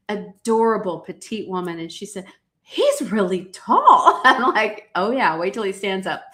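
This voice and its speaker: A middle-aged woman talks straight to her live-stream viewers in a motivational podcast. She delivers her points emphatically and repeats key lines the way a preacher does. Her pitch sits in an ordinary middle range. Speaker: podcast host.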